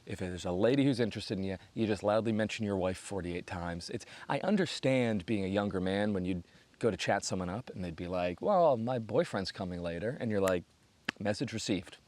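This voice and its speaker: An American man in his thirties telling a long comic story, jumping into high voices whenever he quotes other people. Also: brisk, a little hiss or hum. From United States. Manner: animated, acts out quoted voices with big pitch jumps. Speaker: comedian host. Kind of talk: storytelling stand-up monologue.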